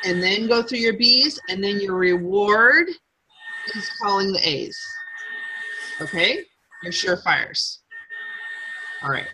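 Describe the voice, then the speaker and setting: A woman's voice: mid-range voice, expressive, slow pace, long pauses, pushed and bright, slight background noise, poor audio. A middle-aged woman leading a live sales training session, upbeat and coaching, drawing call-and-response from her group.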